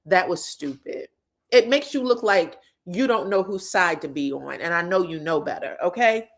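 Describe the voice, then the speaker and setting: Animated, profane woman gossiping about reality TV. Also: lowish voice, moderate pace. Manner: animated, profane, gossipy, laughs at her own jokes. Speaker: reality TV commentator. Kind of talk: reality TV recap and commentary.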